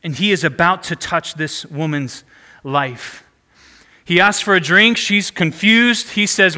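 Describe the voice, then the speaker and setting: A man's voice: high-pitched, measured pace, bright, forceful tone, big-room sound. A man preaching a sermon as pastor, prompting the congregation to repeat phrases back to him.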